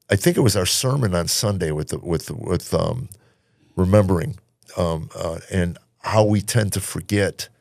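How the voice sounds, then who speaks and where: A man nearing seventy who hosts a podcast, speaking reflectively and haltingly. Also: deep voice, vocal fry, no echo, studio quality. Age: 60s. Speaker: podcast host. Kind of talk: casual podcast chat.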